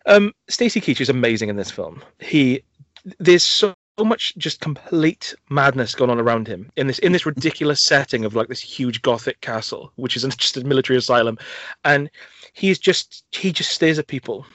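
A man's voice: medium pitch, animated, normal speed, fairly bright tone, no room sound. A young man hosting a film podcast, retelling scenes with enthusiasm, full of fillers and restarts. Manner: enthusiastic, rambling storyteller with many fillers and restarts. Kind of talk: casual chat reviewing films. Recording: dull, lo-fi, dry sound.

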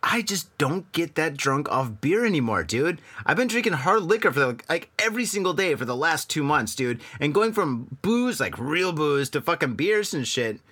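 A man's voice: on the high side, sing-song, normal speed, few pauses, fairly bright tone, husky. A man co-hosting a podcast from Tokyo, rambling in crude, casual banter and swearing freely. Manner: rambling, profane, laid-back. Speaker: podcast co-host. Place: home in Tokyo.

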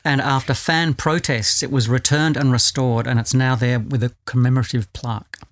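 A man's voice: medium pitch, steady tone, moderate pace. A man from the UK co-hosting a casual music podcast, telling anecdotes and laughing at himself. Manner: chatty storyteller, laughs at himself. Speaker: podcast co-host.

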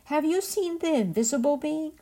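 A woman voicing a stern, wise young woman in a folktale, speaking calmly and firmly. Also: high voice, moderate pace, pitched above the performer's own voice. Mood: questioning. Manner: calm and firm, turning sharp.

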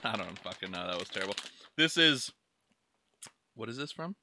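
A man's voice: fairly low pitch, animated, normal speed, long pauses, bright, forceful tone, a little hiss or hum. A young man co-hosting a casual snack taste-test vlog, loose and profane, with mumbled asides. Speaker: vlog co-host.

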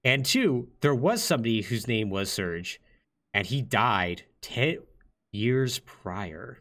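A man's voice: medium pitch, slow pace. A young man hosting a podcast, casually retelling a game plot with lots of fillers. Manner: lively, filler-heavy, acts out quotes. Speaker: podcast host.

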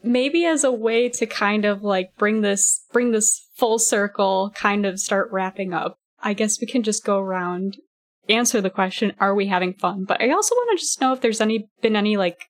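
A woman's voice: medium pitch, moderate pace. A woman moderating a casual chat among friends, steering the group toward wrap-up questions.

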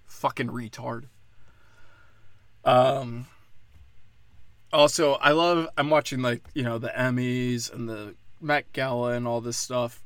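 A man's voice: mid-range voice, fairly even intonation, slow pace, long pauses, fairly bright tone, smooth, no room sound, clean studio sound. A man from Pennsylvania delivering a solo political rant, profane and mocking, firing off sarcastic rhetorical questions.

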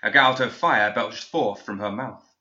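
A man reading a fantasy story aloud in a measured, steady way, as scripted narration on a dull lo-fi recording. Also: fairly low pitch.

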